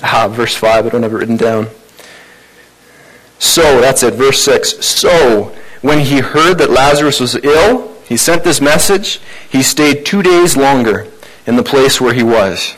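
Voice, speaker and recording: Man, pastor, relaxed conversational preaching, mid-pitched voice. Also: measured pace, low-quality recording. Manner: conversational, informal preaching with fillers. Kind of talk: sermon.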